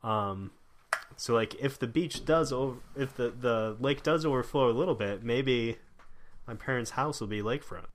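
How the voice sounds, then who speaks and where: A man's voice: mid-range voice, normal speed. A young American man in casual chat, rambling with lots of fillers and restarts. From United States.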